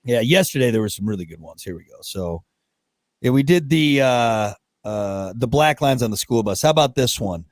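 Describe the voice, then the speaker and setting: A man's voice: mid-range voice, lively intonation, normal speed, no room sound, clean studio sound. A middle-aged man co-hosting a podcast in casual chat, rambling and trailing off, often laughing. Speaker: podcast co-host.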